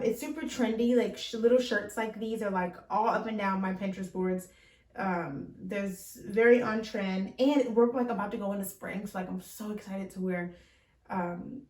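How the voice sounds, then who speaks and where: A young woman chatting casually in a fashion try-on haul, bubbly and full of fillers, speaking from across the room. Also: mid-range voice. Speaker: fashion vlogger. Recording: roomy sound from far off.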